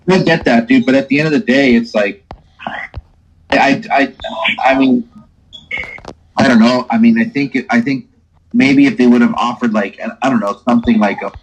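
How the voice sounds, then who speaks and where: Husky guy thinking out loud about a game, lots of i mean, you know. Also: medium pitch, rough recording. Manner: thoughtful, hesitant, many fillers. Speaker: player on a gaming stream. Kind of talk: casual chat.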